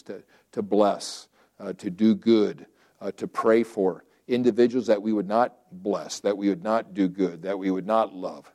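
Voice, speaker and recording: Mellow-voiced man preaching a sermon. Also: mid-range voice. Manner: conversational preaching, acts out quoted prayers and objections; repeats and restarts phrases.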